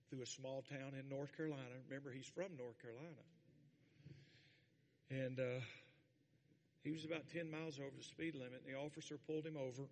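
An older man preaching a sermon to his congregation, with folksy asides and sudden shouted peaks. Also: medium pitch, a little hiss or hum. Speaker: pastor. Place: church sanctuary. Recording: long hall reverb.

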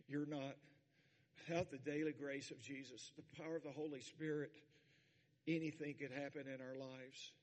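An older man preaching a sermon to his congregation, with folksy asides and sudden shouted peaks. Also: a little high. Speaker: pastor. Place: church sanctuary. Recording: long hall reverb.

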